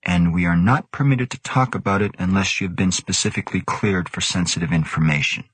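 A man doing a guarded, hushed scientist. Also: low voice, a little fast, husky, no echo. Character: cautious, measured male scientist.

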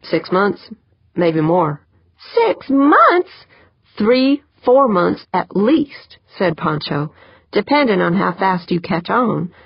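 A woman's voice: fairly low pitch, expressive, slow, gravelly, breathy edge, no echo, exaggerated voice. A woman voicing a blunt, practical and protective woman pilot, speaking drily. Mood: dry. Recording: dull lo-fi dry.

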